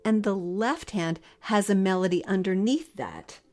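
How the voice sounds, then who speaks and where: A woman's voice: medium pitch, a little slow, over music. Woman explaining harp technique. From Philadelphia area. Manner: friendly explanatory, sings rhythms. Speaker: harp teacher. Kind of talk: podcast music lesson.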